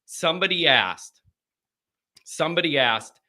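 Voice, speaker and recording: A man hosting a live call-in show, chatting casually in an energetic, rambling, joking way from a green-screen set. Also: a little high, measured pace.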